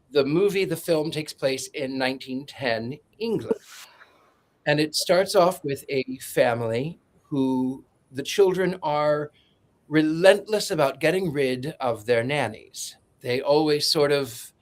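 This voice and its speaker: Higher-voiced guy doing a sarcastic rambling movie recap, jokey and playful. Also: slow pace. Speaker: podcast co-host. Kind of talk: joking film synopsis.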